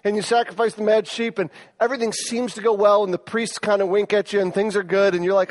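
A middle-aged male pastor preaching a sermon, telling stories in an animated way and rising in force for emphasis. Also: fairly quick. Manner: animated storytelling, rises in pitch and force for emphasis.

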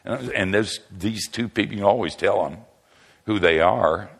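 An older man, a pastor and seminary teacher, telling humorous stories in a lively, self-mocking way and chuckling often. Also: on the low side, normal speed, creaky, husky. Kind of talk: humorous storytelling talk.

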